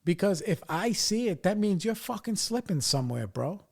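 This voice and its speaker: Guy putting on his angry old man, higher and sharper, cussing him out. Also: big pitch swings, normal speed, gravelly, full character voice. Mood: lecturing. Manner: harsh, swearing lecture. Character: angry middle-aged father scolding his son.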